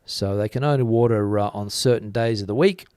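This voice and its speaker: With a slightly fast pace and a voice on the low side, a middle-aged Australian livestream host reads out chat comments hesitantly, using lots of "uh" fillers in a casual live chat. His tone is a little mellow and clean, on a dry, studio-quality recording.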